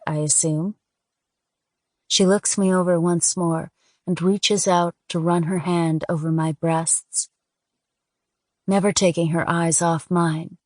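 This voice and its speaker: A woman narrates a first-person audiobook in an unhurried, intimate way. Her voice sits somewhat low. The recording is dry and close, with no room echo.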